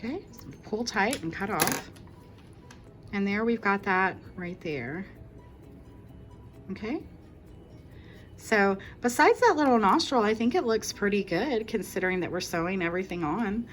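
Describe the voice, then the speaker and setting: A woman's voice: medium pitch, lively intonation, unhurried, pauses often, faint music behind. A woman hosting a casual crochet tutorial, walking through each step in a chatty, reassuring way and correcting herself as she goes.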